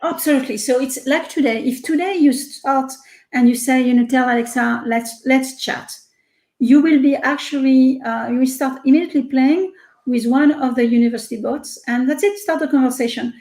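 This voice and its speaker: A woman's voice: high voice, fairly quick. French-accented lady, repeats herself a lot, echoey room sound. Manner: animated, repeats words, many fillers. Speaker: research executive guest. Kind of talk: casual interview chat.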